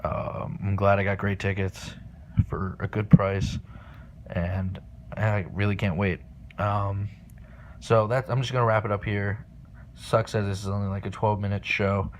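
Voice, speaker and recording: A man hosting a solo podcast, giving casual spoken predictions with lots of ums and restarts, excitable and swearing, recorded without his usual microphone. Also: lowish voice, measured pace, a little hiss or hum. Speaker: podcast host. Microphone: not his usual microphone.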